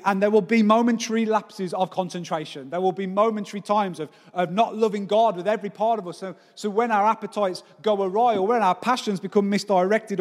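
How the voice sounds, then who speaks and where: A forty-year-old man preaching to a congregation in a slightly high voice. He presses his points home with emphasis and keeps asking the room questions. A long reverb trails behind his words, as in a church hall. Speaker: pastor. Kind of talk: sermon. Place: church service.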